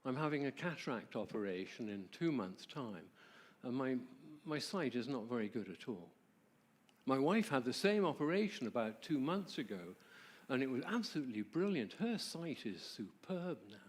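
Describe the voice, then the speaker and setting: A gentle, frail elderly German man speaks softly and haltingly, unhurried and devoted, as a man quoting him in a church talk voices him. His voice sits at a plain middle pitch. The words come in a low-key storytelling way. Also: big pitch swings.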